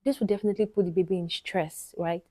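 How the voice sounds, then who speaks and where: A woman's voice: on the low side, fairly even intonation, quick pace, a little mellow, no room sound. A Nigerian woman vlogger telling a personal story to camera, chatty and often talking straight to her viewers. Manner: chatty, frequently addresses viewers directly.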